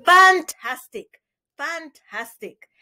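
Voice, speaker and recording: A woman's voice: a little high, very animated, unhurried, a bit bright, pitched above the performer's own voice. A woman doing a gullible crow preacher. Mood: delighted. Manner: demanding, then gushing.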